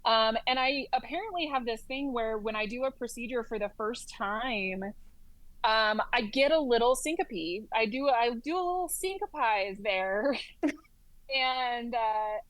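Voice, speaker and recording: A woman working as a flight nurse practitioner, telling stories as an interview guest in a lively way, with lots of "like" and "um". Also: fairly high pitch, a little slow, no room sound, low-quality recording. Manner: lively storyteller, heavy use of "like" and "um". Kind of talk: casual storytelling in an interview.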